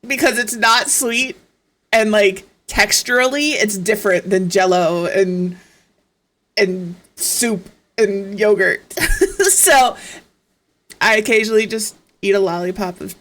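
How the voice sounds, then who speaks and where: A woman's voice: mid-range voice, a bit bright. A woman streamer in casual chat, telling stories in a profane, exasperated way.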